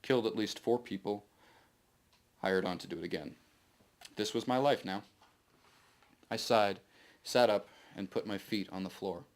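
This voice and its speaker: Man, author reading from his novel, low voice, steady first-person narration, live audience setting. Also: unhurried, pauses often.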